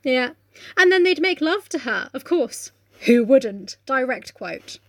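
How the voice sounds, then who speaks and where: A woman's voice: high-pitched, very animated, unhurried, fairly bright tone. A woman co-hosting a casual book chat, swearing freely and reading passages aloud. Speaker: podcast co-host.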